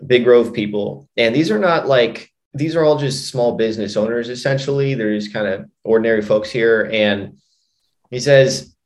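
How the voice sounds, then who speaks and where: A hypnotist and mind coach, guesting on a casual interview, tells a long story in a mid-range voice at normal speed. He rambles, restarting often and peppering everything with "you know" and "like."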